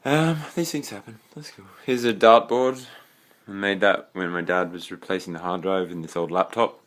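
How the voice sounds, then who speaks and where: A man's voice: low voice, moderate pace, fairly bright tone. A young Australian man giving a casual, rambling tour of his bedroom, swearing freely and trailing off into fillers. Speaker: vlogger. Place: own bedroom.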